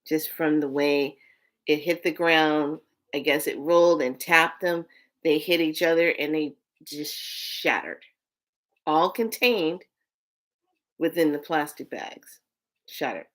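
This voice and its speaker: A woman's voice: low voice, slow pace. A woman vlogger telling a personal story in a candid, emotional way, swearing freely.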